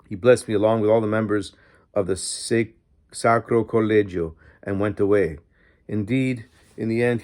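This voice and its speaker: A man's voice: on the low side, darkish tone. A man narrating a diary in the first person, reading steadily and earnestly as an audiobook narrator.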